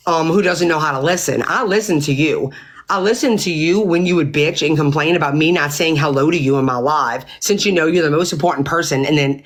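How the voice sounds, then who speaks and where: Woman ranting angrily on a livestream. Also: sits low. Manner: angry, profane, exasperated venting. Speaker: livestream host. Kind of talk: heated livestream rant.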